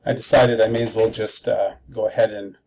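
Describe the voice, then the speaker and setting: A man's voice: fairly low pitch, level tone, a little fast, darkish tone, highs cut off, slight background noise. A male teacher giving a screencast tutorial, explaining methodically step by step.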